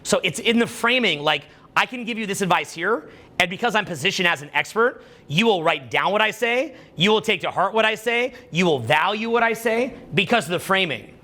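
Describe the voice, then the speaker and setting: A man giving a casual motivational talk about social skills, rambling, animated and full of "like" and "right?". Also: high voice, a little fast, hardly any pauses. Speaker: dating and social skills coach.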